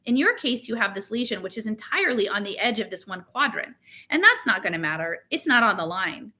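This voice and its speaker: A woman reading aloud and voicing a calm, odd teenage girl who explains things in a measured way. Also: mid-range voice. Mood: explaining.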